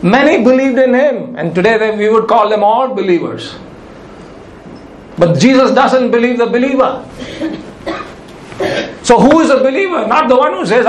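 A man's voice: very high-pitched, lively intonation, moderate pace, echoey room, slight background noise, poor audio. A male pastor preaching a sermon, emphatic and repeating his key phrases.

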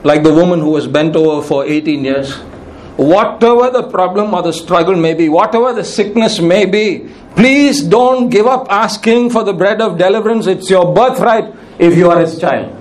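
A man's voice: high-pitched, a little hiss or hum. A male preacher giving a sermon in an earnest, pleading manner, repeating key phrases for emphasis.

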